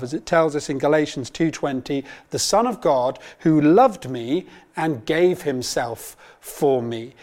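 A man's voice: a little high, darkish tone. A man, giving a Bible course talk in an earnest, storytelling way with personal anecdotes. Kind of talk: sermon-style teaching talk.

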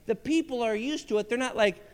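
A man preaching a sermon as pastor, animated and acting out voices from the story. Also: extremely high pitch, brisk, smooth, in a large hall.

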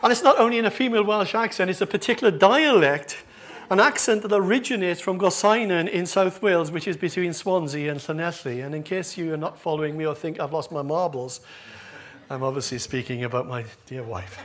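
A male pastor preaches to his congregation in church with a humorous, self-deprecating manner, and the congregation can be heard laughing. His voice sits high and is a bit bright, and he speaks a little fast.

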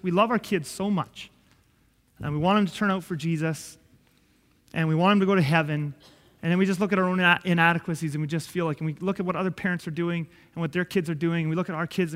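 A man giving a conversational sermon-style teaching, telling animated stories that act out dialogue and chuckling often. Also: high voice. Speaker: Christian preacher and father. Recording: long hall reverb.

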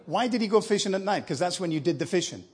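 A man's voice: high-pitched, animated, fast talker, slightly rough. A man preaching as a guest speaker in church, telling a story in a conversational, encouraging way. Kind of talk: sermon.

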